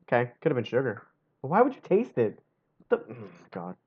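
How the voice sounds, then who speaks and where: A man's voice: medium pitch, huge pitch swings, moderate pace, husky, muffled recording. A young man on a live stream reading a gamebook aloud, full of sarcastic asides and frequent laughs, in a home streaming setup.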